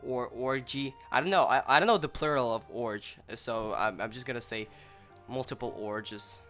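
A young man commentating his own gameplay, rambling and apologizing, then yelling in excitement, a little sick and clearing his throat. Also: mid-range voice, moderate pace, soft background music. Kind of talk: casual let's-play commentary.

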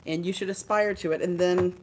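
A woman's voice: lowish voice, fairly even intonation, brisk, background noise. Chatty woman hosting a live art show. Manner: chatty, enthusiastic, jokes with co-hosts. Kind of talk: casual live-stream product showcase.

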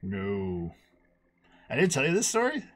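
A man telling a long personal story on a podcast call, acting out the people he quotes with big jumps in his voice. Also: unhurried. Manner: animated, acts out quotes with big pitch jumps. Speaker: podcast guest. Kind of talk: casual storytelling.

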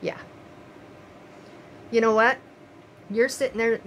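Older woman, grandmother type, fairly high voice, heartfelt vlog rant with faint hiss behind. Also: fairly even intonation, takes it slowly, fairly bright tone, rough recording. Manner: impassioned, pleading, repeats phrases. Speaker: vlogger. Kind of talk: emotional opinion monologue to camera.

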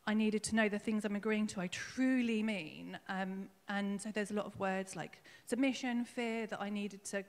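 In a church hall with a big-room sound, a woman gives her baptism testimony as a member of the congregation. Her mid-range voice holds a steady tone at normal speed with few pauses, though she tells her faith story nervously and emotionally, with many ums.

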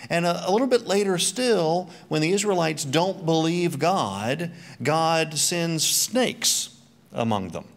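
Middle-aged male Bible teacher, animated pitch, quips at his own expense mid-lesson. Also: slow pace. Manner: joking, self-mocking asides. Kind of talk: church teaching talk.

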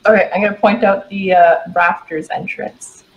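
A woman's voice: mid-range voice, fairly even intonation, normal speed, highs cut off. A woman playing a tabletop game, planning aloud in casual chat with some hesitation. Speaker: player.

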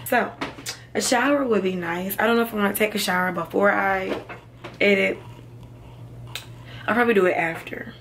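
A woman's voice: medium pitch, moderate pace, pauses often, a bit bright, slight background noise. A young woman chatting casually to her viewers in a vlog, calling them y'all. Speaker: vlogger.

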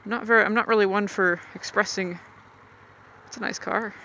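A woman's voice: medium pitch, steady tone, brisk, sharp tone, slight background noise, rough recording. A woman motovlogger chatting and grumbling in a rambling, unscripted way outdoors at a gas station.

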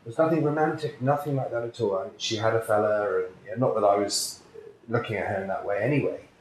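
A man's voice: lowish voice, fairly quick. A man, a psychic healer, telling a personal story in an earnest, reflective way during an interview. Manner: earnest, reflective, acts out quoted voices. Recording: echoey room, faint noise.

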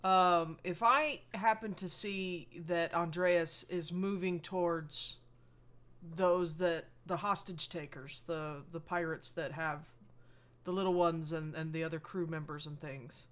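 A woman's voice: on the low side, steady tone, a little slow, fairly bright tone. A woman playing a tabletop role-playing game who describes her character's plans thoughtfully, hesitating and restarting her phrases. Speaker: player.

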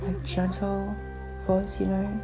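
A woman's voice: medium pitch, completely flat delivery, slow pace, over music. A woman hosting a podcast, talking in a rambling, blunt casual chat over the phone and swearing freely. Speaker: podcast host.

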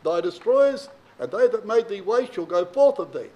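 Male Bible preacher, higher voice, very lively delivery, reads verses then explains. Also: normal speed, poor audio. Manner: reads King James verses then explains them plainly to the congregation; emphatic, varies pitch and pace widely for emphasis. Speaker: Bible teacher. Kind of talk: sermon with scripture reading.

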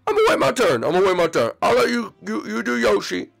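A brash, hotheaded ape barges into a fan roleplay, loud and a bit higher than a man's usual voice, as a man plays him. The delivery is lively and gravelly. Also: fast, soft background music, full character voice, low-quality recording. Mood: eager. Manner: brash, says "man" a lot.

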